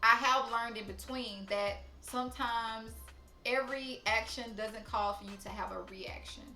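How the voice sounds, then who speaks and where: A young woman telling a story to camera, blunt, profane and animated. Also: fairly high pitch, a little slow, echoey room, faint music behind. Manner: blunt, profane, animated, talks straight to viewers. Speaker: storytime vlogger.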